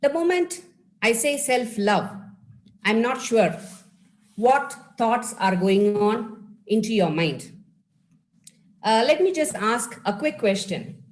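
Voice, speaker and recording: A woman's voice: a little high, big pitch swings, takes it slowly, pauses often, rough recording. A woman from India, a life skills speaker, giving a live webinar talk over a video call and encouraging her audience as friends.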